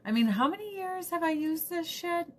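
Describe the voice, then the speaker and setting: A woman's voice: very high-pitched, animated, normal speed. A woman in her thirties from the United States, chatting casually and rambling to the camera as a vlogger, swearing now and then.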